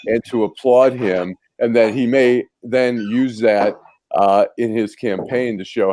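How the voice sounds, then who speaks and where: A man talking as a regular guest on a panel show, opinionated and animated. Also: mid-range voice, a little slow, no room sound. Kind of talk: casual panel talk.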